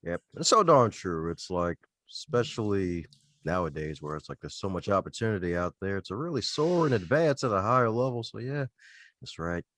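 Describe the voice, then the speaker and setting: A man's voice: low voice, sing-song, normal speed, a bit bright. A man hosting a podcast interview in casual chat, playful and jokey, leaning on catchphrases. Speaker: podcast host.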